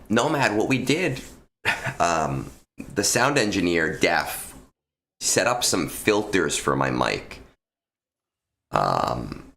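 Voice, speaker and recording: A man's voice: a bass voice, sharp tone. A man streaming live, chatting casually with viewers from a room at home into a close microphone, rambling and swearing with many restarts and ums, with a lingering cough after an illness.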